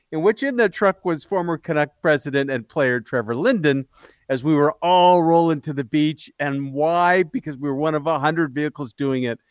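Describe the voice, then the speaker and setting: Animated man co-hosting a morning show. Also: on the high side, dry recording, studio quality. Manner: animated, acts out both sides of his stories. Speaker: radio show co-host. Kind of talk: casual storytelling chat.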